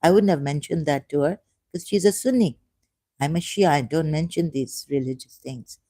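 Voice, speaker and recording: In a low, warm, mellow voice at normal speed, a Pakistani woman speaking as an ex-Muslim lays out her views in a wandering monologue. Quiet asides give way to sudden emphatic, raised bursts, and she often repeats herself. It's recorded close and dry, without echo.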